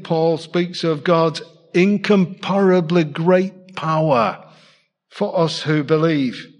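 Man preaching in a reverberant hall. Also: high voice. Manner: conversational, asks the congregation questions. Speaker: pastor. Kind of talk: sermon. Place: church.

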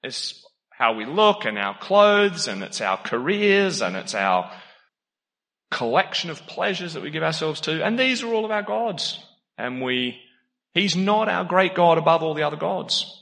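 A man preaching a sermon in a lively, conversational way, laughing often and jumping into sudden emphatic bursts. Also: fairly high pitch, measured pace, creaky. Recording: long hall reverb.

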